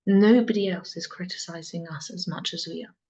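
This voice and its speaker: A woman mentor talking in an earnest, reflective monologue, soft-spoken and repeating phrases for emphasis. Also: lowish voice, fairly quick. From England. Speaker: soul mentor. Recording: dull lo-fi sound.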